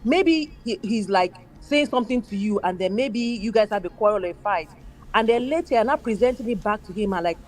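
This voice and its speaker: A woman talking in a casual chat, forceful and emphatic, slipping into other people's voices as she argues. Her delivery is animated and insistent. Her voice sits at a medium pitch. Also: a little fast. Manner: emphatic, acts out quoted people.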